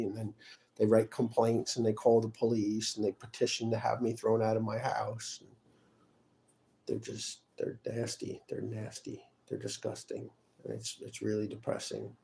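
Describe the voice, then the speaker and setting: A man talking in a rambling, aggrieved personal monologue, weary and often trailing off quietly. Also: on the low side. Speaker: vlogger.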